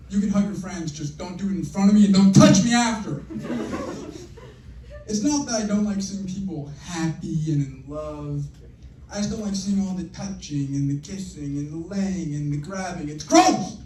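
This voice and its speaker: A young man performing a stand-up routine with deadpan, crude punchlines. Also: high-pitched. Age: young adult. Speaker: stand-up comedian. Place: comedy show venue with audience. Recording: roomy, distant, faint noise.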